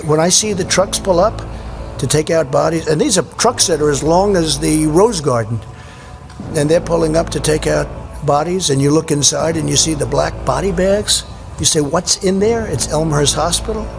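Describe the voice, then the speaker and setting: New guy talking grave and halting, bit high voice, faint music. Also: vocal fry. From Queens, New York.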